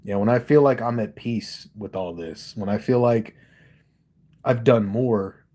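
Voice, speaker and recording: Man from Delaware, lowish voice, candid and profane, hosts his own livestream chat into a studio mic. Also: measured pace, mellow. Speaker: livestream host and rapper. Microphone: studio microphone.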